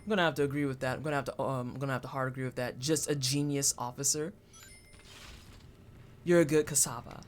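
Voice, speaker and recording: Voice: medium pitch, steady tone, fast, long pauses, slight background noise. A streamer chatting casually with viewers while playing a game, thanking supporters and making playful asides. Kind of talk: casual live-stream chat while gaming.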